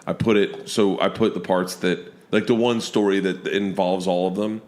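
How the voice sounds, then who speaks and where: A man in his forties, a comedian guest telling stories on a podcast, animated and freely swearing as he acts out his family's lines. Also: low-pitched, normal speed. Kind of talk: casual podcast storytelling. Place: comedy club during a remote podcast.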